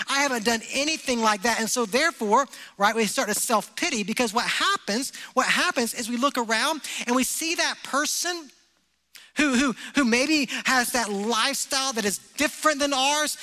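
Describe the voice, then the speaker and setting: A male pastor preaching with a very high, bright, forceful voice. He presses his points with rhetorical questions to the congregation. His voice rings out in a church hall with a long reverb. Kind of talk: sermon.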